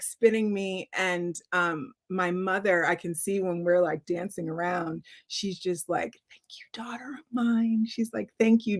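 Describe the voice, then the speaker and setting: A middle-aged woman author telling stories on a video call, lively and acting out the quotes of others. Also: mid-range voice. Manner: animated storytelling, acting out quotes. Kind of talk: virtual author talk.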